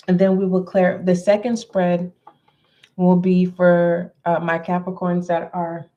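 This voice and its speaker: A woman giving a tarot reading to her viewers in a deliberate way, often repeating herself and clearing her throat. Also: lowish voice, mellow, dull audio. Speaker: tarot reader. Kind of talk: slow spoken tarot reading.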